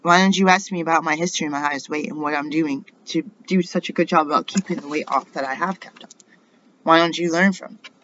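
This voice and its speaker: A woman's voice: low-pitched, fairly even intonation, fast talker, a bit bright. Middle-aged American woman, rambling and indignant monologue, muffled recording with light hiss. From United States. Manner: indignant, rambling, rhetorical questions. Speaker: vlogger.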